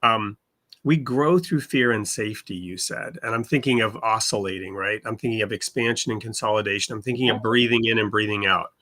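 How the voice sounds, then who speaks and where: A man's voice: fairly low pitch, a little fast, sharp tone. A man hosting an interview, musing aloud with enthusiasm. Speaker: host. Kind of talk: interview host.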